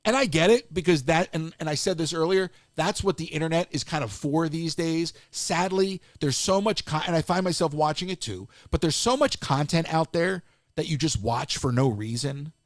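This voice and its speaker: A man's voice: on the high side, normal speed, dry recording, studio quality. A man hosting a live stream, ranting casually in an exasperated way and restarting his sentences often.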